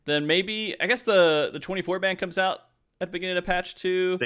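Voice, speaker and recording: Smooth, laughing gamer podcast host. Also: male voice, high voice, brisk. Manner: animated, laughs often, trails off and restarts. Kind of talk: casual chat.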